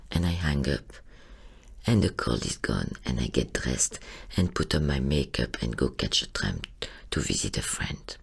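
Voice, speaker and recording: A woman reading a literary monologue, husky and creaky, often sinking into a whisper. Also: a bass voice. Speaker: narrator.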